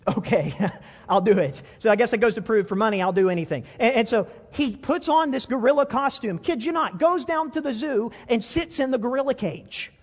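High-pitched guy preaching in a church, folksy storyteller, lots of "and, and" restarts, big echoey hall. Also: expressive, a little fast, hardly any pauses. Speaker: pastor. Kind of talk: sermon with storytelling.

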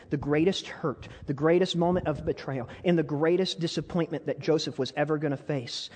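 A man's voice: medium pitch, a little mellow. A male pastor preaching a sermon, earnest and building to fervent appeals with many rhetorical questions. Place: church hall. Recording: long hall reverb.

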